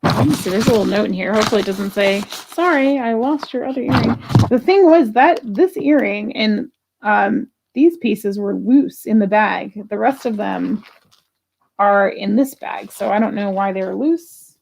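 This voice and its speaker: A woman runs a live jewelry sale, chatting easily and talking through her pricing, with an odd grumble here and there. Her voice is mid-range, creaky, and a little mellow, and she moves at a moderate pace.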